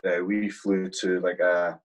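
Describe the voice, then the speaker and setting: A man's voice: sits low, level tone, measured pace, low-quality recording. A man in his thirties, a soldier guest on a podcast, telling blunt, swear-laden war stories in casual talk. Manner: blunt, swears freely, vivid war anecdotes. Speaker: guest, army platoon sergeant. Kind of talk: casual storytelling.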